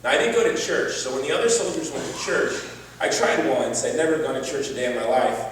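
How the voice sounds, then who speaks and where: A man's voice: medium pitch, animated, fast, a little hiss or hum. A man giving an earnest personal testimony as a gala speaker, with touches of wry humor. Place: large event hall. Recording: distant echoey hall recording.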